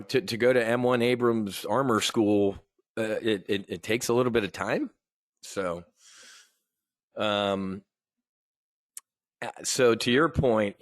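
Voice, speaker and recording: A middle-aged American man hosting a live options trading show, talking in a rambling, opinionated way with frequent restarts and throat clearing. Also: fairly low pitch, no room sound, clean studio sound. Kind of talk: casual live market commentary.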